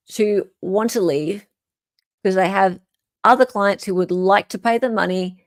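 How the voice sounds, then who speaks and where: An Australian woman hosting a casual livestream, chatting, reading court documents aloud and reacting to viewer comments. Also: medium pitch. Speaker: host.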